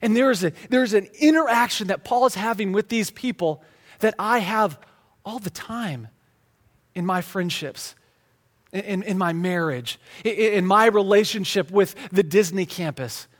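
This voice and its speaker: A man's voice: sits high, normal speed. A man preaching a sermon in a conversational, emphatic way, often restarting and repeating words. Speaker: pastor.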